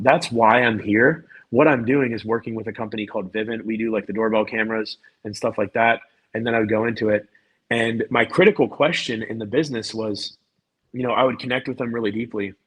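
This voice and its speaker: Husky man telling a story. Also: fairly low pitch, low-quality recording. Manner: animated, repeats words and restarts often. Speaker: podcast guest. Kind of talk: casual storytelling.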